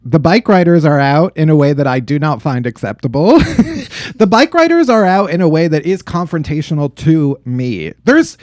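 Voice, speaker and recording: A man hosting a comedy podcast, talking in a chatty, animated way and laughing often. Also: fairly high pitch, normal speed, dry recording, studio quality. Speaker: podcast host. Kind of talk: casual comedic podcast monologue.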